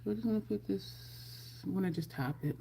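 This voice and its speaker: A woman's voice: mid-range voice, fairly quick, vocal fry, warm tone, a little hiss or hum. A woman chatting casually through a makeup tutorial at home, rambling into side stories as she goes. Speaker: makeup vlogger.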